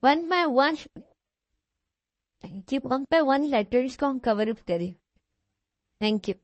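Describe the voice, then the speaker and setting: A woman's voice: high-pitched, lively intonation, moderate pace, no echo. A woman teaching an online English class who switches between English and Hindi-Urdu and reassures her students often. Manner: reassuring, repeats okay.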